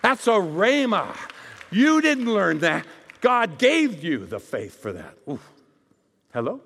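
A man preaches a sermon in a notably high voice, swinging from loud proclamations to hushed asides. He keeps prompting his listeners to call back to him. A long reverb trails his voice through a large hall. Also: huge pitch swings, takes it slowly, gravelly, husky. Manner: calls for audience responses.

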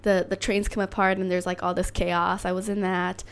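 Chatty woman, quick laugh. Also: lowish voice, level tone, clear, resonant tone. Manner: chatty, laughs often, trailing restarts. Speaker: stunt performer guest. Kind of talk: casual podcast chat.

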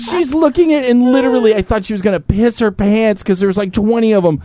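A man's voice: high-pitched, quick pace, hardly any pauses, raised voice, heavy background noise. A man hosting a podcast, telling a personal story in casual talk, swearing freely and acting out other people's lines. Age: adult, a parent. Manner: profane, animated, jumps into impressions of others. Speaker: podcast host.

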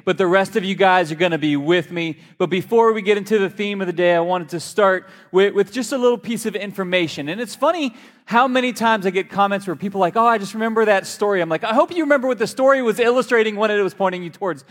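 A man preaching a sermon in a church, a lively, joking storyteller. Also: sits high, fast. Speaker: pastor. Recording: long hall reverb.

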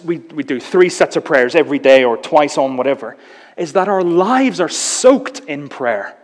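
Man preaching in an echoing church hall. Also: on the high side. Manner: lively, acts out quotes in shifting voices, conversational humor. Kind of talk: sermon. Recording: long reverb of a church hall.

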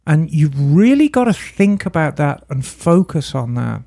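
A woman's voice: low-pitched, very animated, moderate pace, gravelly, dark tone, no echo, studio quality. A woman who runs a motorcycle shop, co-hosting a podcast in frank, chatty talk and laughing easily. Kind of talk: casual podcast chat.

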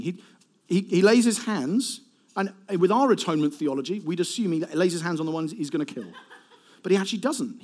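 A man preaching a sermon to a live congregation, animated and conversational, with asides to the crowd. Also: high voice. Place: warm hall with a live congregation.

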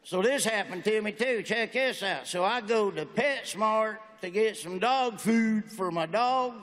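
A man's voice: high-pitched, a little slow, a bit bright. A man performing a stand-up comedy routine, telling folksy stories with brash, punchy one-liners. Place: stage in a large venue. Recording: echoey hall with faint ambience.

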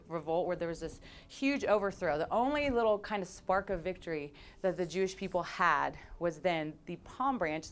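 A woman pastor preaching a conversational sermon to her congregation, animated and playful, acting out scenes with sound effects. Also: fairly low pitch, clear, resonant tone. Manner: conversational, direct address to congregation.

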